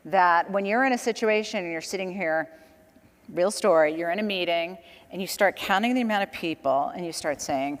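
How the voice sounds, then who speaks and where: A woman's voice: lowish voice, normal speed, big-room sound. Chatty woman on a conference panel. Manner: chatty storyteller, laughs between points. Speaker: panel guest, communications director. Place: conference stage.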